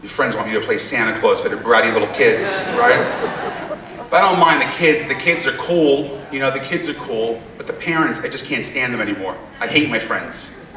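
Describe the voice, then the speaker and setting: A man's voice: medium pitch, lively intonation, moderate pace. Brash stand-up man in an echoey theater. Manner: brash, teasing the crowd with asides. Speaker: stand-up comedian. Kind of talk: stand-up routine. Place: theater stage with a live audience. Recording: echoey theater from far off, audience laughter.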